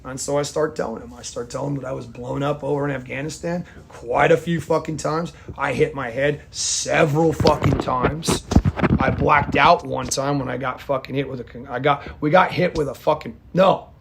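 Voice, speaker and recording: A man's voice: mid-range voice, steady tone, normal speed, creaky, noisy background. A man who served in the army, telling a war story in a blunt, rambling monologue full of swearing. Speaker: army veteran vlogger.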